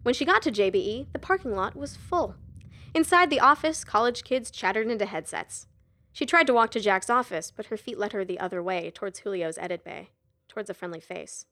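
A woman narrating an audiobook in a measured storytelling manner. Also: medium pitch, expressive, a bit bright. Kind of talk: scripted narration.

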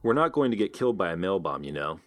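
A man voicing an excitable, blunt male inventor in a read-aloud story, with eager, emphatic delivery. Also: low-pitched, fast talker, no room sound. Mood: matter-of-fact. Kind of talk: audiobook character voice.

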